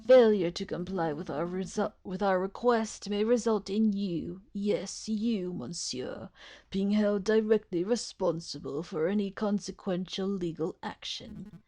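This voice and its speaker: A woman's voice: mid-range voice, unhurried, warm tone, lightly acted. A woman voicing a stern male falcon defense attorney who speaks in a formal, commanding way.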